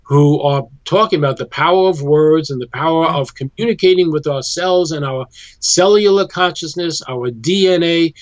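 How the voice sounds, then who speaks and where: A man being interviewed as a guest musician, explaining his ideas in a measured way. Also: a little high, no room sound, muffled recording. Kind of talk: interview conversation.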